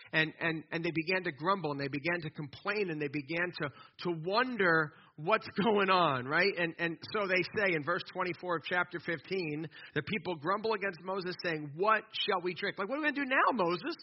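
A man preaching a sermon in an animated, conversational way, often restarting his sentences. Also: high voice, brisk, slight background noise. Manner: animated, conversational preaching with repeated false starts. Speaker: pastor. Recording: dull lo-fi recording.

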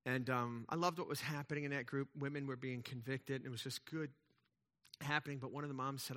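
A middle-aged male pastor preaching a conversational sermon, asking the congregation rhetorical questions and swinging between loud and quiet passages. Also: medium pitch, fairly even intonation, fairly quick.

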